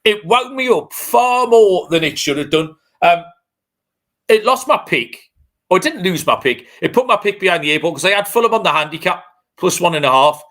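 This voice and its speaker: A man's voice: high-pitched, lively intonation, moderate pace, a bit bright. A man co-hosting a podcast, ranting bluntly and swearing freely in casual chat. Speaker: podcast co-host.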